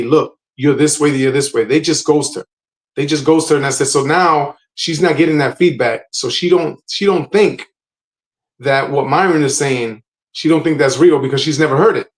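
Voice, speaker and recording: Podcast co-host, male, slightly high voice, emphatic lecturing delivery. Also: poor audio. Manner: emphatic, lecturing, repeats phrases. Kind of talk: casual podcast chat.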